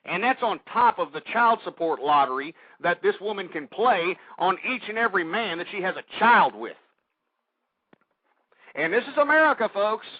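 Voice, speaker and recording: A man's voice: sits high, no room sound. Ranting talk radio man with a Texan accent. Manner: heated, ranting, swears often, repeats himself. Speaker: radio show host. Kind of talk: political talk radio monologue. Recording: dull lo-fi radio recording.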